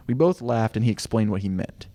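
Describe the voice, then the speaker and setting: Low-voiced man reading listener letters. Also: animated, mellow. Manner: reads letters aloud, slows down for quotes. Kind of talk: casual chat.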